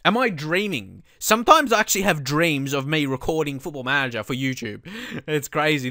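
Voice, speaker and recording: A man commentating on his own football management game, calmly explaining tactics and then shouting when goals go in. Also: fairly high pitch, brisk, few pauses, no echo, studio quality. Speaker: let's play host.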